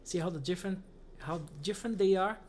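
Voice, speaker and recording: A man's voice: sits high, fast, heavy background noise. A man who speaks as his gives a casual music lesson, counting beats aloud between guitar examples. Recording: guitar playing heard loudly.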